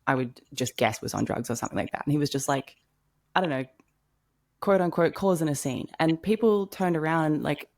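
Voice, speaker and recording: A woman's voice: deep voice, a little fast, darkish tone. A young woman telling a personal story in a casual podcast chat, full of "like" and casual swearing. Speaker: podcast co-host.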